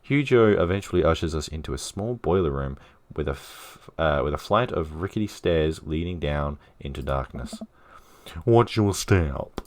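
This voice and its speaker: A man's voice: extremely low pitch, expressive, normal speed. A man casually playing a dating game on stream, reading the narration and dialogue aloud with jokey asides.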